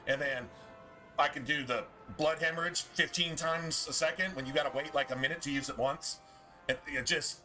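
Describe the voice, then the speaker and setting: A man's voice: mid-range voice, steady tone, normal speed, sharp tone, soft background music. A man streaming a video game, chatting casually with frequent swearing and complaints about the game. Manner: profane, complaining, laughs often. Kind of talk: casual gameplay commentary.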